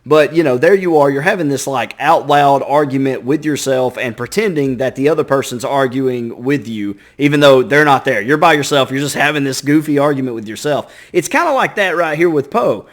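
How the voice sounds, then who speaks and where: A man's voice: mid-range voice, a little fast, few pauses. A man giving casual reaction commentary, chatty and acting out little inner voices. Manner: chatty, acts out inner voices, repeats himself. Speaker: reaction video host.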